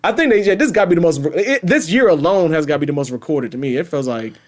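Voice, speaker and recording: Podcast host, man, loose and animated, slightly higher voice, casual chat. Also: fast. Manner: animated, laughing, reads predictions aloud then riffs.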